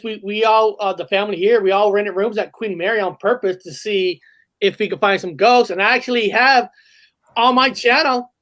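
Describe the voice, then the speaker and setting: A man with a fairly high voice chats in a relaxed, frank way. He sounds casual and unhurried among friends on a podcast. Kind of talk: casual chat.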